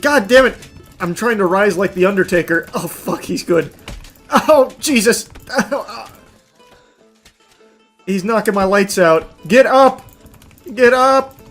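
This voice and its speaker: A man doing let's play commentary, shouting and swearing at the game and then dropping to low, dry asides. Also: animated, slow pace, pauses often, soft background music. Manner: drops to low, dry asides between outbursts. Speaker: gaming streamer.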